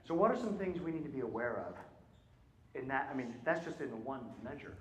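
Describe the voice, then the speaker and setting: A man's voice: medium pitch, lively intonation, fairly quick, fairly bright tone, slight background noise. A man working as a choir clinician, coaching singers through a rehearsal and often asking questions and checking in with "right?". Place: concert hall. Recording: roomy hall sound.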